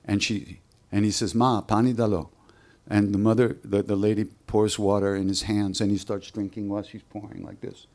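Low-voiced man telling a story. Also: a little fast. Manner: relaxed, conversational, acts out the voices. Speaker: spiritual storyteller. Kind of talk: storytelling talk at a live workshop.

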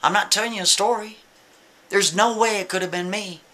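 A man's voice: high-pitched, a little fast, bright, forceful tone, pitched above the performer's own voice. A man telling a story voices a wrongly arrested man who pleads and insists on his innocence. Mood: pleading.

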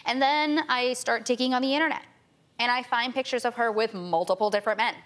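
Her voice is a bit bright and leans high. As a guest on a talk show, this woman in her twenties gives emotional testimony, her tearful, hurried storytelling full of restarts and urgency.

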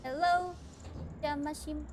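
A woman's voice: sits high, steady tone, unhurried, a little hiss or hum. A woman streaming a video game live, talking to herself playfully with mock-outraged exclamations. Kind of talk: live gameplay commentary.

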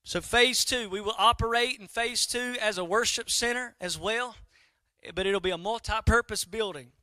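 A man's voice: high voice, normal speed, no room sound. A middle-aged man, a pastor preaching a sermon and telling a story to his congregation. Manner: animated storytelling, talks to the congregation directly.

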